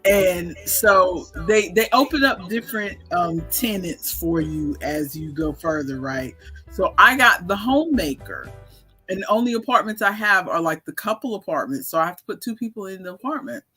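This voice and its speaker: A man co-hosting a casual livestream, playful and teasing, with a raspy voice. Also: high voice, animated, normal speed, bright, forceful tone, soft background music. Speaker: livestream co-host. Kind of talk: casual chat.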